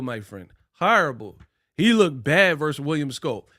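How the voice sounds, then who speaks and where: A man's voice: fairly high pitch, a little slow. Slangy Bay man ranting on boxing. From Bay Area, California. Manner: animated, slangy and mocking, puts on voices for quotes. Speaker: boxing commentator. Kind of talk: casual ranting commentary.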